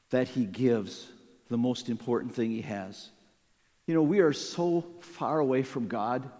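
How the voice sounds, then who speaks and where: A man preaching a sermon as pastor, emphatic and animated, acting out quoted lines. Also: medium pitch, long reverb tail.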